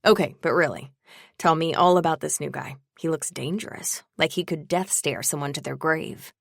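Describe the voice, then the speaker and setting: A woman voicing a playful, sarcastic young male best friend who teases dramatically and talks louder and higher than her narration. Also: moderate pace, gravelly, dry recording, clean studio sound. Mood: teasing.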